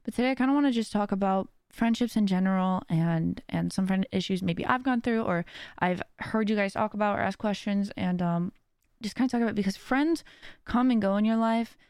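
A woman's voice: mid-range voice, fairly quick, darkish tone, clean tone, dry recording, clean studio sound. A woman hosting a podcast, talking earnestly in a casual, rambling monologue with many restarts. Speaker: podcast host.

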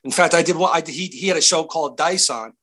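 A man's voice: fairly high pitch, fast, a bit bright, husky. A middle-aged man, an actor guest, telling stories in a casual interview with many restarts and fillers.

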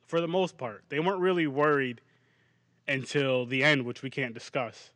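Male podcast host, casual rambling movie talk, slightly higher voice, dry. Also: normal speed, dry recording. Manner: rambling, animated, laughs often. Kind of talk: casual movie review chat.

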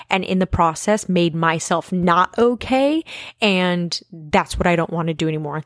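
A woman's voice: lowish voice, no room sound, clean studio sound. Candid, swearing young woman vlogger. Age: 20s. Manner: candid, emphatic, swears casually. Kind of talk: casual confessional monologue.

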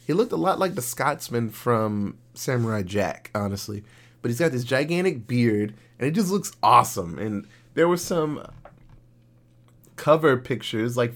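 A young man co-hosts a casual podcast, running through a cartoon plot with lively, swooping intonation at an ordinary middle pitch. He swears freely and keeps the retelling animated. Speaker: podcast co-host. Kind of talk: casual podcast chat recapping an episode.

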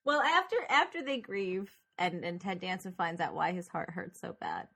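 A woman's voice: on the low side, big pitch swings, moderate pace, gravelly, fairly bright tone. A woman co-hosting a casual movie podcast, talking animatedly and laughing often as she plays up the plot's twists. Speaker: podcast co-host.

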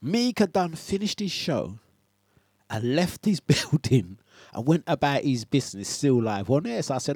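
A man's voice: a little high, sing-song, normal speed, a little mellow, husky, dry recording. A man hosting a radio breakfast show from his home studio, telling a story in a chatty way and laughing often. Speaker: radio DJ host. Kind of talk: casual radio chat.

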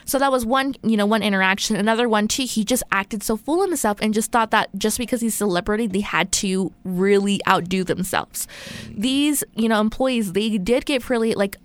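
A woman's voice: mid-range voice, fairly quick, no echo. A woman co-hosting a casual podcast, recounting a news story in a chatty way. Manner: chatty storyteller, many fillers. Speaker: podcast co-host.

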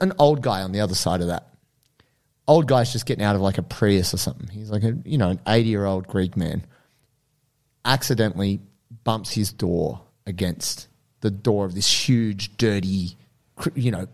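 A man's voice: fairly low pitch, normal speed. A young man with an Australian accent, telling a story in casual, rambling chat. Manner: animated, rambling, many fillers.

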